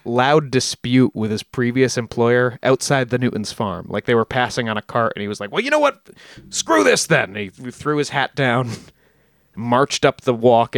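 A man hosts a casual storytelling podcast, his voice sitting in an ordinary middle pitch. He rambles, corrects himself and drops jokey asides. The sound is dry and close to the mic. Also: no room sound. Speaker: podcast host.

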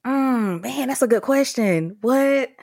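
A woman's voice: sits high, animated, takes it slowly, vocal fry, darkish tone, no room sound, studio quality. A woman hosting an interview, teasing and eager, laughing often with her guest. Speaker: interviewer and host. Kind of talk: casual interview chat.

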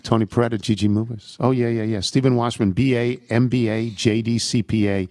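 Guy reading out fan mail on his show, wry and amused, mid pitched voice, close dry studio sound. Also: steady tone, fairly quick, warm tone, no echo. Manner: wry, amused, laughs at the letters. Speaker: radio show host reading listener emails. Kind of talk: reading listener mail aloud with dry humor.

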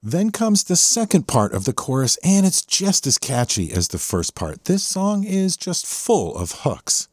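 A man's voice: on the high side, big pitch swings, unhurried, hardly any pauses, loud music behind the voice. A man hosting a track breakdown, explaining a rock song's parts with enthusiasm and a teacherly manner. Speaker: host breaking down a rock song. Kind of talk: explanatory music commentary. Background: the song playing underneath.

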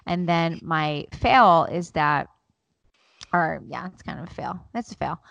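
A woman co-hosting a podcast, her voice carrying a gravelly fry. She chats casually and candidly about home life. The sound is dry and close. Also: deep voice, lively intonation, measured pace, a bit bright, no room sound, dull audio. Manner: candid, laughs while telling stories. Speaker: podcast co-host. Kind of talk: casual chat.

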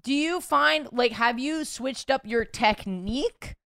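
A woman's voice: fairly high pitch, slow, bright, forceful tone, no room sound, clean studio sound. A woman hosting a podcast, curious and playful, asking questions in loose, casual chat. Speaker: podcast host.

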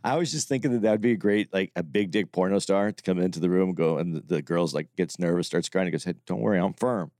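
A man's voice: low-pitched, quick pace, few pauses, a little mellow, no echo, studio quality. A man co-hosting a comedy podcast, laid-back and profane, telling short stories. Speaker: podcast co-host. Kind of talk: casual podcast chat.

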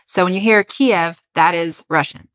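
A woman's voice: on the low side, moderate pace, fairly bright tone. Chatty woman podcast host telling a story. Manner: chatty, laughs often, self-deprecating about pronunciation. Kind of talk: casual chat, storytelling.

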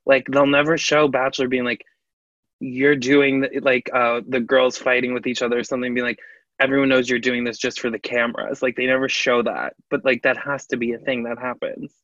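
Bright-voiced man co-hosting a podcast. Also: mid-range voice, fairly quick, no room sound. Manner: animated, laughs often, acts out quoted people. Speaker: podcast co-host. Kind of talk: casual chat. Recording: slightly dull, lo-fi audio.

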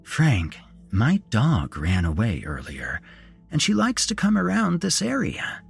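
A man's voice: mid-range voice, wildly swooping pitch, a little slow, gravelly, husky, faint music behind, pitched above the performer's own voice, full character voice. A man voicing a cheerful, creepy grown man who swings from jolly chatter to a hissing whisper. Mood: falsely jolly. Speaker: storyteller. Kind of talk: horror story narration.

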